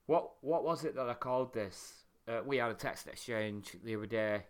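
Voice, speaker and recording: A man's voice: mid-range voice, normal speed, smooth. A man co-hosting a podcast in casual chat, throwing in dry, sarcastic quips and swearing. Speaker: podcast co-host.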